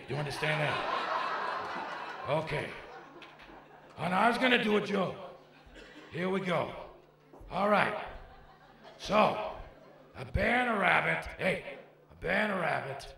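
A man's voice: on the high side, exaggerated voice. A man doing an Al Pacino impression, playing a brash, foul-mouthed stand-up comic who barks at hecklers in a live show. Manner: gravelly, barking at hecklers, swinging from mutters to shouts. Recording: echoey live club with crowd noise.

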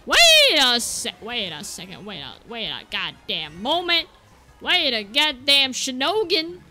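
A young woman streaming a kart racing game while tipsy, giggling, shouting and rambling with silly sound effects. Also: fairly high pitch, lively intonation, measured pace. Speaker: gaming streamer. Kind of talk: drunk livestream commentary. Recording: loud game music behind.

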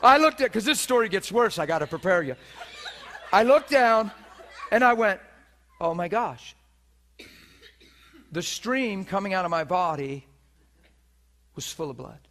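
A male preacher delivering a sermon with vivid storytelling. His voice sits a little high for a man and turns lively as he acts out scenes for his listeners. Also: moderate pace, long pauses. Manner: animated, laughs at his own story, acts out the people in it. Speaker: preacher teaching on divine healing. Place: teaching session before a listening audience.

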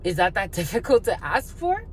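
A woman's voice: medium pitch, sing-song, moderate pace, slight background noise. A woman giving a tarot reading to her viewers, blunt and profane, ranting with bursts of laughter and calling them "my lovies.". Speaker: spiritual reader.

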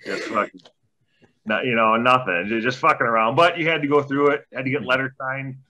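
A man's voice: mid-range voice, fairly even intonation, brisk, sharp tone. A man in his forties, a former hockey player, telling rambling stories in a podcast interview, laid-back and swearing freely. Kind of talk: casual storytelling interview. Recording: dull lo-fi podcast audio.

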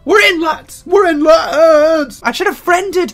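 A man giving casual game commentary while playing, excitable and prone to loud outbursts, his throat getting strained. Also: very high-pitched, slow pace, faint music behind. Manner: excitable, bursts into loud yelling. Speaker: let's play gamer.

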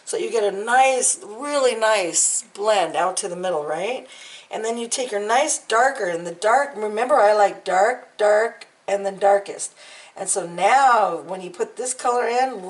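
A woman's voice: medium pitch, measured pace, far from the mic, low-quality recording. A woman hosting a casual real-time coloring tutorial, chatty and encouraging, trailing off and repeating words as she works. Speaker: art tutorial host.

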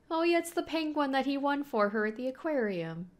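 Hosting an anime reaction video, a young woman with a high voice speaks at a measured pace. Her manner is casual and animated, full of gushing and frequent laughter.

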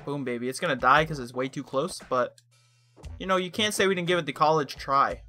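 A man's voice: fairly high pitch, brisk, bright, forceful tone, faint music behind. A young man giving playful, hammy commentary while playing a life-sim game. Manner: playful, hammy trash talk. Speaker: let's play streamer. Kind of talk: gameplay commentary.

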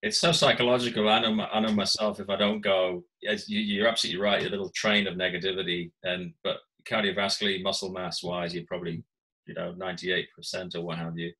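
Bright-voiced low male interviewer. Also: level tone, fast, poor audio. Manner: chatty, rambling questions. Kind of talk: interview questions.

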